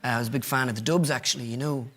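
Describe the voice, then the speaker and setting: A man's voice: mid-range voice, steady tone, rapid-fire. A man with an Irish accent, a comedian guest telling chatty, rambling, self-mocking stories on a talk show. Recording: loud studio audience laughter behind.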